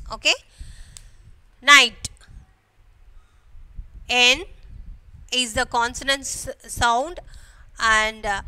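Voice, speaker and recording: A woman with an Indian English accent teaches a grammar lesson to schoolchildren at an unhurried pace. Her voice sits high, bright and smooth. She keeps asking the class questions and filling the gaps with "okay". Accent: Indian English, from Kerala. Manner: slow, repetitive explaining with frequent "okay" and rhetorical questions.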